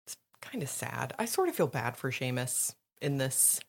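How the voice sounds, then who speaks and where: A woman co-hosting a podcast, chatting casually about a book, animated and quick to laugh and swear. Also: very deep voice, vocal fry, husky. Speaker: podcast co-host. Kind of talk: casual chat recapping a book.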